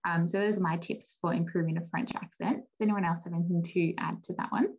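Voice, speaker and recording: A woman's voice: fairly low pitch, steady tone, fast talker, creaky, darkish tone. A woman hosting a webinar panel, friendly and encouraging. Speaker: webinar host. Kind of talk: webinar moderation. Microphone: video call. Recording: dull lo-fi call audio.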